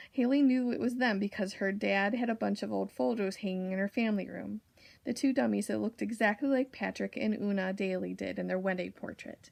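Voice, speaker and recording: A woman reading a children's novel aloud for a library, steady with occasional slips. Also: mid-range voice, creaky. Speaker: library reader.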